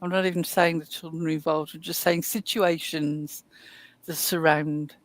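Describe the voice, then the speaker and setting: A man with a Cockney accent chatting wryly as a co-host on a casual livestream, pausing on fillers. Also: a little high, flat delivery, no room sound. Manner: chatty, wry, with hesitant fillers.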